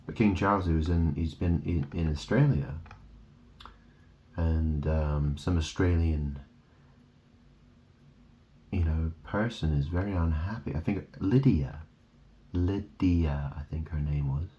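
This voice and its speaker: Slow, deep-voiced man rambling. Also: warm tone, slight background noise. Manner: rambling, wandering wordplay, trailing off. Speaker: vlogger. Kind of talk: rambling monologue. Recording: dull lo-fi recording.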